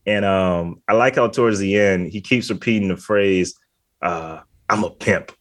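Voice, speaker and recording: A man co-hosts a podcast in a casual, rambling way, stuffing his sentences with filler words. His voice sits fairly low and he laughs easily. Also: normal speed. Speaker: podcast co-host. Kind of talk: casual chat.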